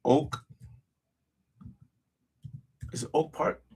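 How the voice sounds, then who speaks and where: A man's voice: very slow, darkish tone, slight background noise. A man chatting casually to his livestream as he edits a video, often muttering to himself and trailing off. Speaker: travel vlogger editing live. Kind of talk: casual livestream chat while editing.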